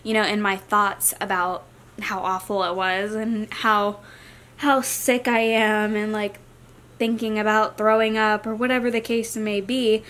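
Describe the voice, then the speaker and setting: A young adult woman vlogger talking casually to the camera in a chatty, rambling, soft-spoken way. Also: medium pitch, level tone, measured pace.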